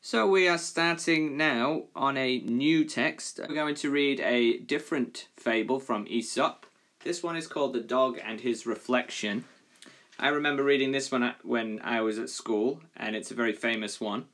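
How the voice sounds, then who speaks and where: A man's voice: mid-range voice, moderate pace, a bit bright. A male primary school teacher giving a recorded reading lesson, patiently explaining and reading a fable expressively.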